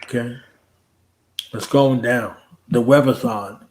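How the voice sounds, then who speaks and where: A man's voice: mid-range voice, slow pace, darkish tone, low-quality recording. A man hosting a casual late-night livestream chat, joking around in a playful, laid-back way. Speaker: host.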